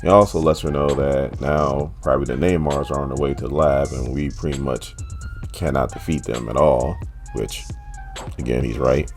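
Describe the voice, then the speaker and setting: Casual male comic recapper, very deep voice, faint music bed. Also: fairly even intonation, moderate pace. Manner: casual, joking asides. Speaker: comic book recap host.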